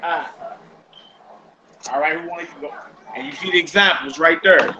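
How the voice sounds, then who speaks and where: A man with a slightly high voice and a moderate pace teaches a classroom language lesson in a casual way, saying "y'all" and repeating each word to drill his students. The recording is muffled, with background noise.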